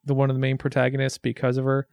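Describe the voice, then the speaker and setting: An easygoing man chatting over a movie, peppering his talk with swearing and calling his friend dude. His voice is mid-pitched and sounds dry and close. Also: monotone, very fast, creaky, a little mellow, no echo. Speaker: movie watch-along co-host. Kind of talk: casual chat.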